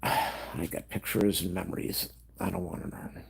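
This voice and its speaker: Very deep gravelly man, grieving. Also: fairly even intonation. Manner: emotional, halting, slipping into whispers. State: grieving, on the edge of tears. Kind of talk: personal storytelling vlog.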